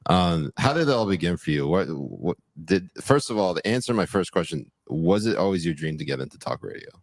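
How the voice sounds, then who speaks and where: A man's voice: deep voice, big pitch swings, fairly quick, dry recording. A man co-hosting a podcast, making dry wisecracks in casual banter. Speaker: podcast co-host.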